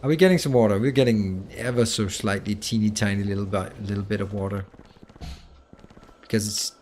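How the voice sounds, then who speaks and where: A man's voice: fairly low pitch, fairly even intonation, brisk, a little mellow, a little hiss or hum. A game streamer talking to himself while he plays, muttering and breaking into exasperated outbursts, with a Danish accent. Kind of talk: live gameplay commentary.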